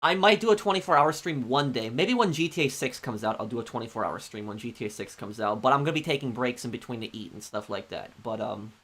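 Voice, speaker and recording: A man live-streaming a game, chatting casually with viewers in a rambling, halting way full of ums and restarts. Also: mid-range voice, fairly bright tone. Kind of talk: casual chat answering viewers.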